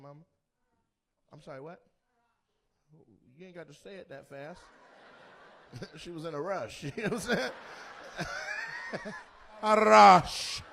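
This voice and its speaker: A man doing stand-up crowd work in a comedy club, loud and teasing, and slipping into playful mock voices. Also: on the high side. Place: comedy club stage before a live audience.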